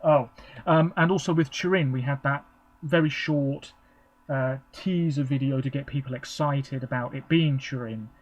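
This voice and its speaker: A man from England, working as a vlogger, gives a casual live reaction that wanders chattily and is full of ums. He speaks at a moderate pace in a mid-range voice, and the recording has its highs cut off.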